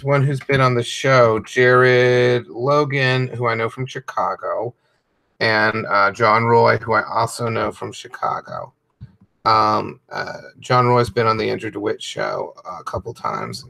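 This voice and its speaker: A comedian talking loosely and profanely while coloring on a stream, with lots of fillers. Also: male voice, medium pitch, creaky, fairly bright tone. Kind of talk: casual rambling chat.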